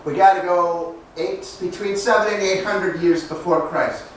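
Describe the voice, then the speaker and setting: Recorded from afar in a reverberant hall with a little background noise, a pastor jokes his way through a sermon, trading questions and answers with his congregation. He has a high-pitched voice and an unhurried delivery.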